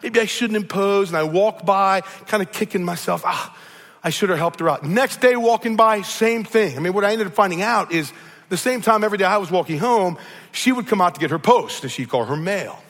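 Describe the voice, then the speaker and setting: Man, Midwestern accent, pastor, sermon, high voice, long hall reverb. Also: lively intonation, brisk, a bit bright. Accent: Midwestern American. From American Midwest. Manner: storytelling, earnest, repeats words when starting.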